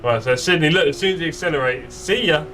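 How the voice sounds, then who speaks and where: A man's voice: a little high, quick pace, bright, forceful tone, distant mic, a little hiss or hum. A man chatting playfully with friends while live-streaming a sim racing game. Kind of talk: live gameplay chat. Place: home sim racing setup.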